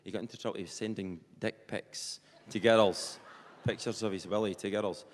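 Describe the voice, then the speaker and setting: Scottish comedian in a reverberant hall. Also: male voice, lowish voice, fairly even intonation, normal speed, slight background noise. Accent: Perthshire Scottish. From Scotland. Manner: chatty, rambling, colloquial. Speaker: stand-up comedian. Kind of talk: live stand-up comedy. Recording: live stage with long hall reverb.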